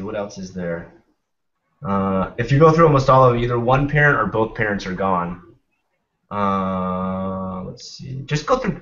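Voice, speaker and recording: A man's voice: lowish voice, fairly bright tone. Laid-back young man, lo-fi stream. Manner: laid-back, rambling, swears casually. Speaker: podcast host. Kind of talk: casual chat. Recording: dull lo-fi stream audio.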